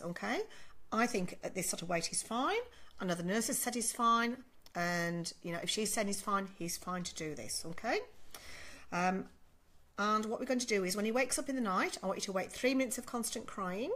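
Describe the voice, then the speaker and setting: A woman's voice: mid-range voice, fairly bright tone. A middle-aged woman sleep consultant giving direct, step-by-step advice to parents, often checking in with "okay?".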